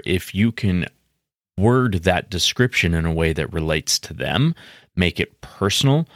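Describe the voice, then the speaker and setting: A man's voice: low-pitched, a bit bright, dry recording, studio quality. A man hosting a podcast, explaining game-mastering tips in an earnest, explanatory way with frequent restarts. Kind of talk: instructional podcast talk.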